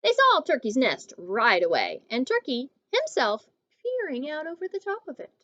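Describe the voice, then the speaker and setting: A woman teacher reading a picture book aloud to children, expressive, stopping to talk to her students. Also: high-pitched, moderate pace, no room sound, lo-fi sound.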